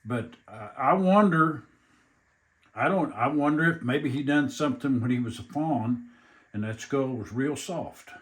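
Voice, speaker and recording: An older man, a taxidermist chatting casually, talking slowly with halting restarts and rural grammar. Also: mid-range voice. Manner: slow, halting, repeats words, rural grammar. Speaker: taxidermist guest. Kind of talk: casual chat.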